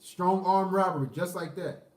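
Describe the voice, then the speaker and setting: Crude high-voiced man ranting, mic set back. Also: moderate pace, darkish tone, roomy sound, far from the mic. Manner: crude, profane, acts out quoted dialogue. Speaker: vlogger. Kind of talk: casual rant to camera.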